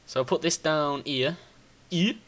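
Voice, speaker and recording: A man giving casual gameplay commentary, excitable, thinking out loud, swearing and bursting into high squeals. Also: moderate pace, a little hiss or hum. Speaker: gaming video host.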